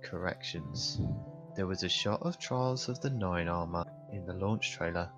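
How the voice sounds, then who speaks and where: A British man on a gaming podcast, calmly reading out update notes in an even, steady voice. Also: deep voice, unhurried. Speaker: podcast co-host. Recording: clear music playing behind.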